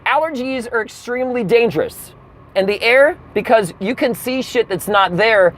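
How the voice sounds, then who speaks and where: Animated man ranting from his car. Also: very high voice, normal speed. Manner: animated storytelling with acted-out quotes. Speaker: comedian. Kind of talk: comedic rant.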